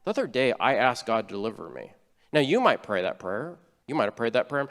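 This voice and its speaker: A man's voice: mid-range voice, very animated, moderate pace, a bit bright, long reverb tail. A man preaching a sermon as a church elder, in an earnest, conversational way with frequent restarts. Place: church sanctuary.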